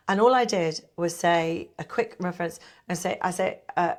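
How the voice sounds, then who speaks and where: A middle-aged woman and pantomime performer chatting in an interview, telling lively stories and acting out what people said. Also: on the low side, moderate pace, few pauses. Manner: chatty, animated storyteller who acts out quotes. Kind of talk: casual interview chat.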